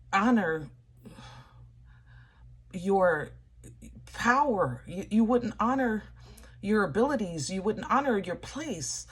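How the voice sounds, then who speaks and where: A woman reading tarot cards for viewers, talking in a slow, soft, preachy way. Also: mid-range voice, breathy edge. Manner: emotional, exclaiming, with laughter and repeats. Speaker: tarot reader.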